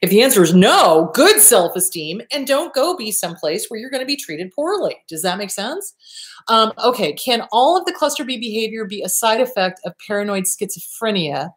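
Blunt, animated woman therapist. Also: mid-range voice, moderate pace. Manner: blunt, animated, swears casually. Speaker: therapist and show host. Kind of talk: answering viewer questions.

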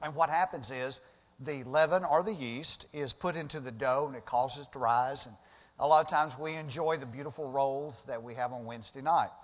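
A man's voice: medium pitch, moderate pace. A male pastor preaching a sermon in a church sanctuary, talking conversationally and rising to emphatic bursts when he retells the story. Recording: dull lo-fi sound with long hall reverb.

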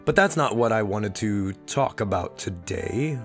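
A young man talks in a sick, wheezy voice that sits fairly low. He rambles through a personal vlog with a self-deprecating manner. Faint background music plays under him. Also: lively intonation, unhurried. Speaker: channel host.

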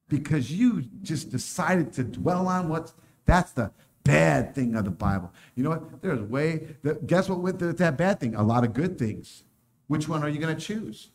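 A man preaching a casual sermon, joking and laughing often as he talks. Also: a little high.

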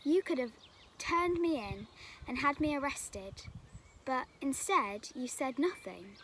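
A woman voicing a big, rough male robber in a children's story, loud and then humbled. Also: high voice, animated, slow pace, slight background noise, full character voice. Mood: indignant.

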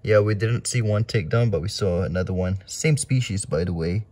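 A man keeping tarantulas, chatting casually and excitedly as he feeds them, often exclaiming and talking to the animals. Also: deep voice, brisk. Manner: excitable, talks to his spiders, laughs and exclaims often. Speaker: tarantula keeper filming feedings. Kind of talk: casual vlog commentary.

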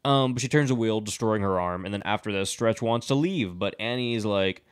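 A man's voice: on the low side, fairly quick, clean tone. A man hosting a podcast, casually recapping a movie plot in a rambling, profane way, full of fillers. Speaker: podcast host.

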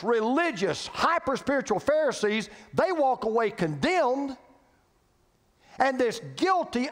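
High-voiced preacher guy, swoops all over, punchy repeating lines, big church echo. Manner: emphatic preaching with repetition and rhetorical questions. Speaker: pastor. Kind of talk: sermon. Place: church sanctuary. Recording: reverberant church hall.

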